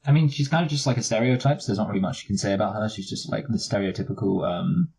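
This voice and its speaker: A man's voice: on the low side, fast talker, creaky, a little mellow, husky, rough recording. A man co-hosting a casual film review chat, joking and breaking into impressions. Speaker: podcast co-host.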